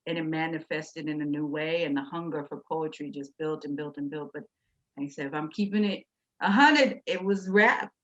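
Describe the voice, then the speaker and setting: A woman's voice: sits low, normal speed. Candid woman poet on a dull line. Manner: candid, chatty, laughing. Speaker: guest poet. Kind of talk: casual interview talk. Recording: dull, lo-fi sound.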